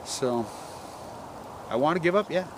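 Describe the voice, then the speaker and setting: A man's voice: a little high, lively intonation, measured pace. A man rambling outdoors about the environment, profane and agitated. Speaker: environmental activist. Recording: noisy outdoor recording with vehicle noise.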